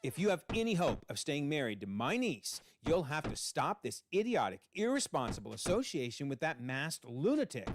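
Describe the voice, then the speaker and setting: A man's voice: on the high side, sing-song, normal speed, few pauses. A man voicing a stern older aunt, scolding and indignant, over a noisy home recording.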